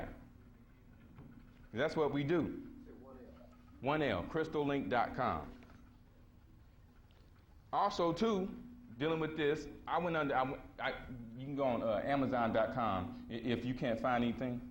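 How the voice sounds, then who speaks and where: A man's voice: mid-range voice, a little slow, pauses often, a little hiss or hum. Blunt slangy man lecturing. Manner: blunt, slangy and emphatic, acting out quoted voices. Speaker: conference speaker. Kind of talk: casual storytelling lecture to a live audience. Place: conference hall before an audience.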